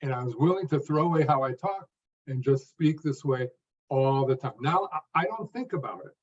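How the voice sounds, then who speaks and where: Animated and at normal speed, a medium-pitched older man in his 50s or beyond explains his method as a stuttering coach and guest in an interview, recounting how he learned to speak. He delivers distinct phrases, stressing a word near the close of each. The sound is lo-fi and recorded from a distance.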